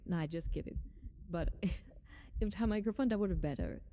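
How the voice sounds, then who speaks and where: A woman's voice: mid-range voice, lively intonation, fairly quick, pauses often, dark tone, a little hiss or hum. A young woman live-streaming, chatting casually with her viewers, greeting them and giggling often.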